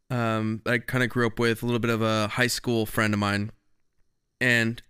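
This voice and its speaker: A man's voice: mid-range voice, bright, forceful tone, clean tone, no room sound, studio quality. A man co-hosting a music podcast, telling a rambling, enthusiastic story in casual chat on a podcast mic. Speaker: podcast co-host. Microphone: podcast microphone.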